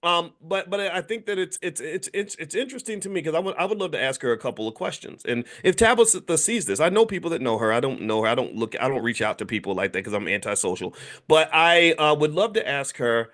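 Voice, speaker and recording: A man's voice: fairly high pitch, expressive, fast talker, fairly bright tone. Middle-aged male host, loose rambling delivery, playful when quoting others. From United States. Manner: rambling, with many fillers and restarts. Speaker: finance commentator and channel host. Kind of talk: casual commentary monologue.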